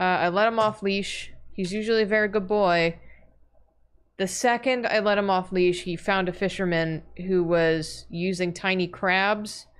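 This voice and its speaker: A woman co-hosting a casual chat, telling stories in a giggly, animated way. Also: on the low side, clean tone. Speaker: co-host.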